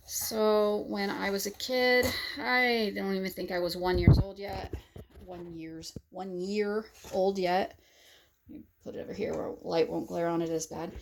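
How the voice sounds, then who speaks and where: Gravelly-voiced woman reminiscing in a vlog. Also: mid-range voice, fairly even intonation, measured pace, slight background noise. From southern Indiana. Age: 40s. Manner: rambling, fond reminiscing with frequent fillers. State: choked up. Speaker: craft vlogger. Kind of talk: casual vlog tour. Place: outdoor craft shed, windy.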